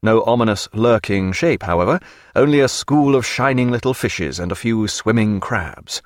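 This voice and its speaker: A man reads a novel aloud in a measured, expressive way. His pitch moves a lot across each line. The recording is dry and close. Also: dry recording. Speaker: narrator. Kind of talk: audiobook narration.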